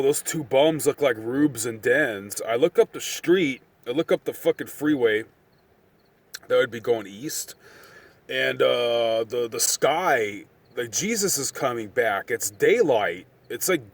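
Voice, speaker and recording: Casual vlogger, male, thirties, mid-range voice; profane, meandering storyteller who heats up at the tense parts. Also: mid-range voice. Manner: profane, rambling, excitable when reliving events.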